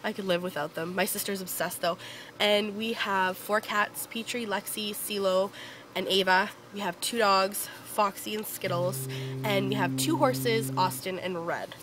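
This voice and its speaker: Speaking unhurriedly in a mid-range voice with fairly even intonation, this young woman from Northern Ontario, Canada talks to camera outside. She's a beauty vlogger whose casual, giggly storytelling rambles and is full of fillers, and the audio is poor.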